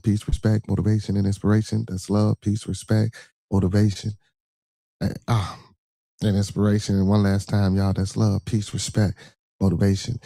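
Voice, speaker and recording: A man, hosting a casual livestream podcast in a laid-back, rambling way, repeating phrases and giving shout-outs. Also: lowish voice, dry recording. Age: 20s. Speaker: podcast host.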